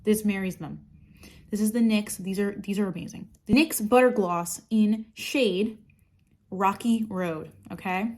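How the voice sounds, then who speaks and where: Woman doing a get ready with me, rambly, sarcastic, swears a lot, mid-pitched voice. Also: measured pace, a little mellow. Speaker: makeup vlogger. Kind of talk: casual get-ready-with-me chat.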